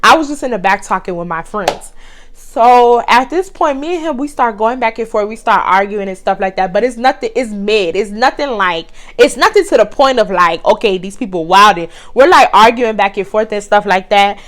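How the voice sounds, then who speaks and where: A woman, telling a blunt, profane, animated story to her vlog viewers. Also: medium pitch, normal speed. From Texas. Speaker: vlogger.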